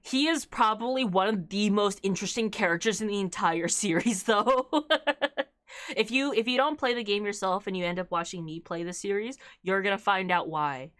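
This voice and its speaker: A woman's voice: medium pitch, normal speed, fairly bright tone, no room sound, studio quality. Chatty young woman streamer. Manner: chatty, laughs often, many fillers. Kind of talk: casual live-stream chat while gaming.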